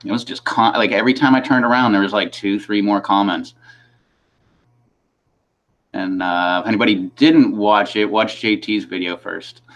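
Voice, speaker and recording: A man's voice: lowish voice, fairly even intonation, moderate pace, a bit bright. A man hosting a livestream in casual chat, rambling and laughing between his sentences. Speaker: host of a livestream.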